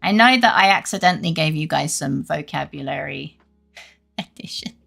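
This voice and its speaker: A young woman streamer talks in a loose, rambling way, swearing freely as she answers her chat. Her voice is bright with a gravelly fry, and faint game music plays under her words. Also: low-pitched, lively intonation, normal speed. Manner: rambling, chatty, swears freely, laughs often. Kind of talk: casual live-stream chat.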